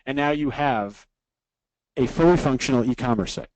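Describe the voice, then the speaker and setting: A man's voice: mid-range voice, normal speed, darkish tone, dry recording, rough recording. A man teaching a live online webinar, walking through steps in an upbeat way and ending nearly every point with "right?". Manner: reads out viewer comments from a live chat. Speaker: online course instructor.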